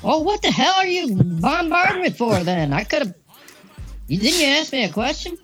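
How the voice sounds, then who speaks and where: A woman's voice: high-pitched, very animated, moderate pace, fairly bright tone, faint music behind. A woman co-hosting a casual podcast, sounding defensive and exasperated.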